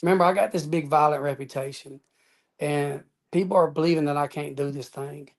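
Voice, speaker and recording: A man's voice: on the high side, fairly even intonation, fairly quick. A man telling his personal testimony as an interview guest, earnest and emphatic, often adding "man" and "y'all".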